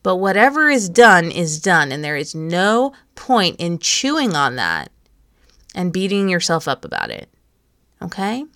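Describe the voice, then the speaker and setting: Podcast host, woman, 30s, lowish voice, gentle encouraging coach. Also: very animated, measured pace, dry recording, clean studio sound. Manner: gentle, coaching, speaks straight to the listener. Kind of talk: encouraging self-help talk.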